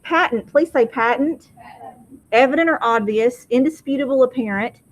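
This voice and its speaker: A woman teaching a high school vocabulary lesson in a classroom, having students repeat each word. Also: moderate pace, rough recording. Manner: drills pronunciation, asks class to repeat words.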